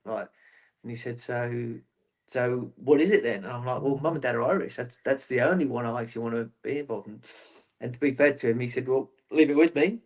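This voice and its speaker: A man being interviewed about his playing days. He talks in a rambling way, restarting phrases as he goes, in an easy, conversational voice at an ordinary pitch. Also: fairly quick, darkish tone. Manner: rambling, self-interrupting storyteller. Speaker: guest, former footballer. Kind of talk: casual interview chat.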